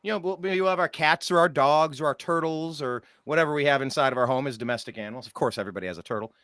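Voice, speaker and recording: A male talk show host in casual political chat, speaking in an animated, exasperated way with mocking asides. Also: a little high, racing, dry recording, studio quality.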